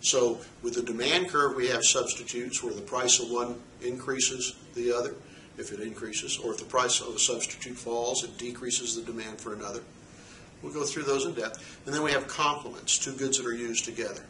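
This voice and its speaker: A man's voice: mid-range voice, steady tone, moderate pace, sharp tone, a little hiss or hum. A man teaching economics in a lecture, asking rhetorical questions and checking in with "okay?". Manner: asks the class rhetorical questions. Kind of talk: recorded lecture. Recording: echoey room, mic at a distance.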